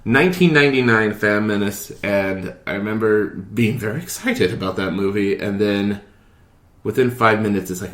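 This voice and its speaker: A man's voice: fairly low pitch, normal speed, a bit bright. A man in his thirties hosting a podcast in snarky, laughing casual chat. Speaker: podcast host. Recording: roomy echo.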